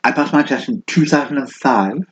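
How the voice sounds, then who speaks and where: A man's voice: mid-range voice, brisk. A man in his fifties, a podcast co-host telling stories in casual chat and laughing often. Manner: chatty storyteller, laughs often. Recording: dull lo-fi sound, faint noise.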